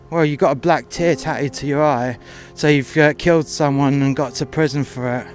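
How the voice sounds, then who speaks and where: A man's voice: fairly high pitch, fairly even intonation, normal speed, hardly any pauses, faint music behind. Blunt, profane man telling a story. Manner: crude, confrontational, acts out both sides of dialogue. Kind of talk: first-person storytelling.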